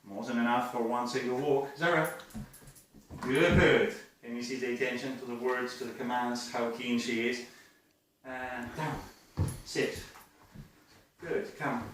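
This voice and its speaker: A man working as a dog trainer talks slowly through a live demonstration, firing off short commands and praising often. He sounds far from the microphone, in a very echoey space. Clear background noise runs under his voice. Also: medium pitch, fairly even intonation. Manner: short firm commands mixed with frequent praise.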